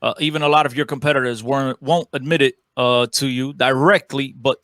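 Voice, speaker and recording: A man's voice: mid-range voice, fairly even intonation, fairly quick, fairly bright tone, no room sound. Portuguese-accented male podcast co-host. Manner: friendly, repetitive, restarts words. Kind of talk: casual podcast chat.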